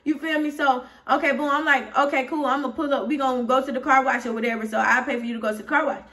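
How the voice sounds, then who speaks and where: A young Atlanta woman with a high voice runs through a story in a loose, rambling way, checking in with her listeners again and again. She sounds a little distant from the mic. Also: fairly even intonation, fast, sharp tone. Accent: Southern US, Atlanta. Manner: rambling and candid, frequent "you feel me", growing heated. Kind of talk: casual storytime vlog.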